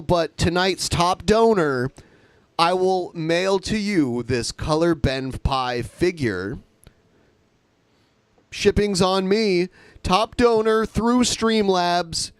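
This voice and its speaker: A man co-hosting a livestream podcast, telling crude stories in an animated, joking way. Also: high voice, slow, clean tone, no room sound. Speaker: podcast co-host. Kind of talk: casual livestream banter.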